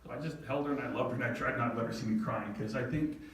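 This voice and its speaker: A middle-aged man speaks to a crowd in a mid-range voice, heartfelt and a little self-deprecating, sometimes close to tears. The sound is distant and boomy, as if caught from across a big echoey hall. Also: racing. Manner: heartfelt, self-deprecating, quoting his daughter. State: near tears at moments. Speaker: speaker telling a family story to an audience. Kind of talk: storytelling talk.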